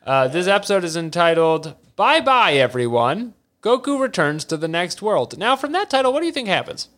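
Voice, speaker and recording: A man chatting on a podcast, recapping a cartoon episode with jokes and goofy voices. His voice sits a little higher than most men's. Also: sing-song, normal speed, a bit bright. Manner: jokey, does silly character voices. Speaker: podcast co-host. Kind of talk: casual comedic recap chat.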